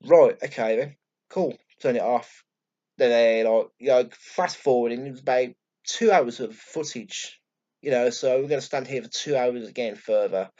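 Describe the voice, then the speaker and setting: A man's voice: medium pitch, normal speed, highs cut off. Sweary Birmingham man telling a story. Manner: blunt, sweary and excitable, acting out quotes. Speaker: vlogger. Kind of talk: casual storytelling vlog.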